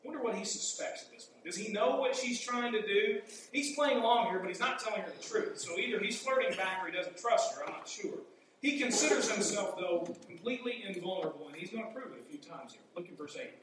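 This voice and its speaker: Male preacher, fairly high voice, chatty sermon delivery, heard from back in a very echoey hall. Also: animated, fast, fairly bright tone. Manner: conversational, asks rhetorical questions. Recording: echoey hall, mic far off, faint hum.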